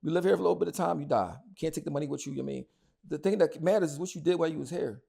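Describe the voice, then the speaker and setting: Middle-aged philly guy going off in an interview, fast and emphatic, kinda high and raspy. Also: warm tone. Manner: angry, emphatic, repeats himself, curses a lot. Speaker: interview guest. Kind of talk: heated casual interview talk.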